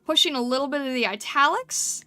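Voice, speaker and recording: A woman's voice: high-pitched, animated, fairly quick, no room sound. A woman streamer chatting casually with her viewers, greeting them and thinking aloud as she edits artwork. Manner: bubbly, greets chatters warmly, thinks aloud while working. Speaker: streamer and artist. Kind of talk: casual live-stream chat while drawing. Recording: faint music behind the voice. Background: faint background music.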